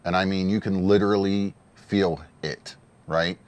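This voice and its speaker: A man's voice: low-pitched, fairly even intonation, unhurried, smooth. A man giving casual, earnest solo commentary on a wrestling show, emotional and given to repeating himself.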